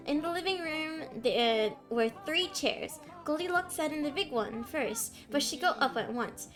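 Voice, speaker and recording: A woman's voice: sits high, animated, a little slow. A woman streamer reading a fairytale aloud on a live stream, giggling and stumbling over words between chatting with viewers. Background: faint background music.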